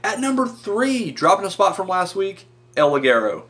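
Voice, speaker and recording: Rambling, fairly high-voiced man vlogger. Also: very animated, moderate pace, a bit bright. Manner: rambling with frequent uh fillers and self-corrections; casual and joking. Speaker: wrestling review vlogger. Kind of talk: casual countdown commentary.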